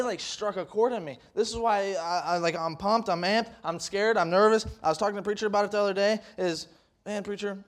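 A young man preaching a folksy sermon, rambling with restarts and rising to loud, emphatic peaks. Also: high-pitched.

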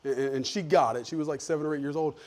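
Middle-aged pastor, male, slightly raised voice, folksy sermon storyteller who swings between quiet and loud. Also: a little high, steady tone, very fast.

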